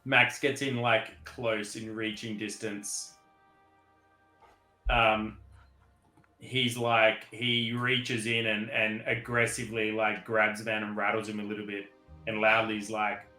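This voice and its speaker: A man's voice: on the low side, level tone, slow, bright, forceful tone, roomy sound, faint music behind. A man with an Australian accent, a joking player in a tabletop game. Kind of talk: casual chat at a tabletop game.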